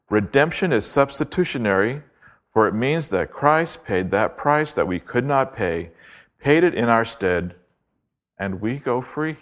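A man preaching an expository sermon, reading scripture aloud and slowing down to stress key words. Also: lowish voice, fairly bright tone. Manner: emphatic, deliberate, slows to stress key words.

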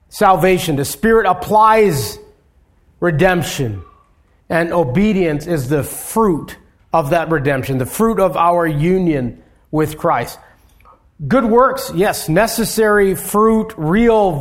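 A male pastor delivers an expository sermon in an unhurried, deliberate cadence. His voice sits high for a man. He lifts his voice on emphatic points and lets phrases fall away softly at their ends. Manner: measured preaching with emphatic rises and soft drops.

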